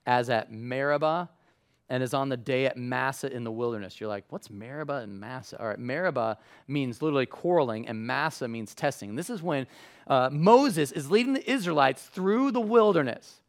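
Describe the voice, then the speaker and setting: A man preaching a sermon in a conversational way, acting out quotes with lively voices. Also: medium pitch, normal speed. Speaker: pastor.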